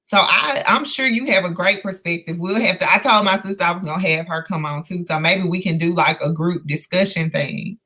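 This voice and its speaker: A woman hosting a live book discussion, earnest and emotional, talking in halting bursts full of fillers and restarts. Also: fairly low pitch, bright, forceful tone. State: emotional, close to tears. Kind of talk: casual live-stream discussion.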